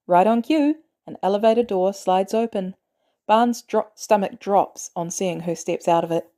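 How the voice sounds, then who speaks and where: Mellow-voiced woman narrating a story. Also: fairly low pitch. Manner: measured, even storytelling. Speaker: podfic reader.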